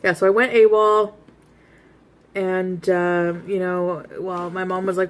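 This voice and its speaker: A woman's voice: lowish voice, level tone, slow. Chatty woman telling a rambling story. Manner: chatty, rambling, with frequent asides and laughs. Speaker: vlogger host. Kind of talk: casual storytelling vlog.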